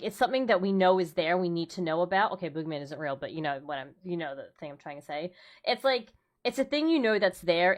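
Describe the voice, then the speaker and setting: A young woman hosting a casual stream chat. She talks in an animated way, laughs often and acts out the lines she quotes. Her pitch sits in the middle. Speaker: streamer host.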